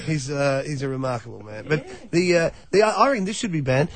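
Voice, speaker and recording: A male radio host trades jokes in a casual studio chat. His voice sits a little high, and he riffs quickly. He laughs between lines. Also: big pitch swings. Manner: jokey, riffing, quick to laugh. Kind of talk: casual comedic radio banter.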